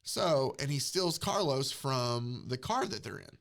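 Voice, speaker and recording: A man's voice: medium pitch, lively intonation, unhurried, a bit bright. A man retells a comic story in a loose, rambling way and drops into the characters' quoted lines as he goes. His voice is a little worn, as if he is losing it. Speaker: podcast host recapping a comic. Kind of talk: casual chat.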